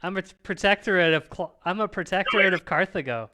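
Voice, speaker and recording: A man's voice: high-pitched, fast, noisy background. A man joining a casual online talk show as co-host, making dry jokes. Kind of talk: casual chat.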